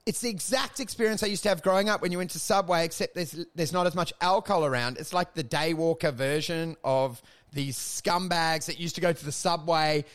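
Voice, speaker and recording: A man's voice: fairly high pitch, fairly quick. A man co-hosting a podcast, telling crude, rambling comic stories in casual chat. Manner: crude, rambling, animated storytelling with mocking put-on voices. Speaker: podcast co-host.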